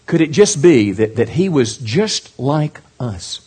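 Preaching in an animated style, this middle-aged man keeps questioning his congregation. He talks slowly in a mid-range voice that sounds slightly rough.

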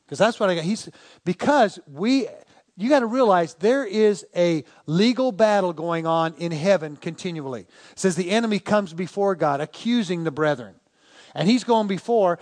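A man with a high voice preaches to his congregation in a folksy, animated way. He tells stories and throws out rhetorical questions, speaking as the pastor. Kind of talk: sermon.

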